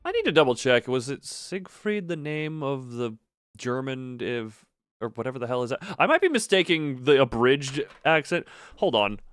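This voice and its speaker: A man's voice: mid-range voice, lively intonation, normal speed, fairly bright tone, clean tone, no room sound. Wry, theatrical male game streamer. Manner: wry, theatrical, chatting with viewers. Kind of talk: live gameplay stream chat.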